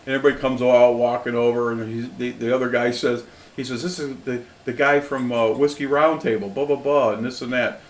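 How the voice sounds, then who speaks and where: A man's voice: mid-range voice, fairly even intonation, fairly quick. A man co-hosting a whiskey podcast, telling a rambling anecdote in casual chat. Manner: rambling storyteller, many restarts and "blah, blah, blah". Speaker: podcast co-host. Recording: echoey room, faint background noise.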